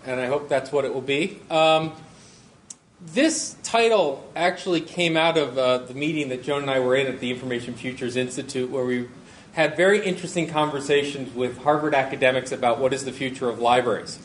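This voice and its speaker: A middle-aged man giving a conference talk as a guest speaker, animated and self-deprecating, laughing often. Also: mid-range voice, fairly quick. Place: lecture hall. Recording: echoey hall, faint noise.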